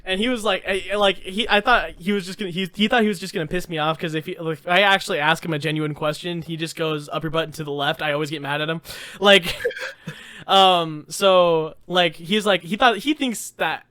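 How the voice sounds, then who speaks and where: A young man co-hosting a podcast over a voice call, telling stories in a casual, animated way and laughing often. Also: high-pitched, moderate pace, clean tone, dry recording. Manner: animated, laughs a lot, fillers and restarts. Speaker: podcast co-host. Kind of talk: casual storytelling chat. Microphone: remote voice call.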